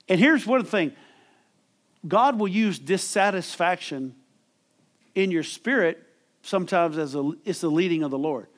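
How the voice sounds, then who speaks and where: Emphatic preaching man, higher pitch. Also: unhurried, long pauses. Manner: emphatic preaching with call-and-response. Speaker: pastor. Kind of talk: sermon.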